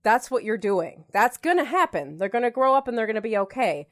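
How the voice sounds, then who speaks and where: A woman's voice: fairly high pitch, very animated, brisk, a bit bright. A woman chatting casually, talking in an earnest and reassuring way with lots of fillers. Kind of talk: casual chat.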